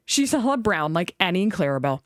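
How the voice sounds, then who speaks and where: A woman voicing a stern middle-aged male railway boss who speaks gravely. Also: very animated, fast talker, dry recording, clean studio sound. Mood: kindly. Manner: grave, deeper voice.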